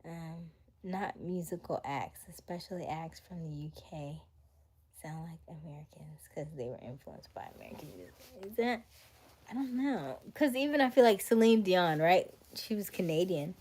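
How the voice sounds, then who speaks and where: A woman's voice: lowish voice, expressive, moderate pace, a little mellow, a little hiss or hum. A young woman hosting a casual livestream, chatting and reading viewer comments, sometimes slipping into a whisper. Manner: chatty, drops to a whisper at times. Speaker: livestream host reading chat. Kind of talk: casual live chat.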